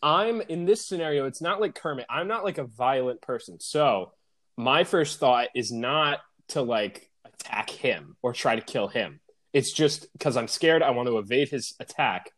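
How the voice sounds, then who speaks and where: A man's voice: mid-range voice, animated, moderate pace, fairly bright tone. A young man co-hosting a podcast, easygoing, laughing along and reasoning things out aloud. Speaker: podcast co-host. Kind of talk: casual podcast chat.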